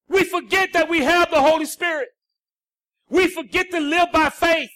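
High, bright preacher swinging from shouts to hush. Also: male voice, steady tone, moderate pace, no echo, clean studio sound. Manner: preaching with sudden swings from shouts to hushed lines. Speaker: pastor. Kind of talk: sermon.

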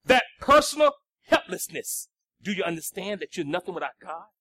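A male pastor, preaching a sermon that swings between shouted lines and hushed, low passages. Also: sing-song, moderate pace, no room sound, clean studio sound.

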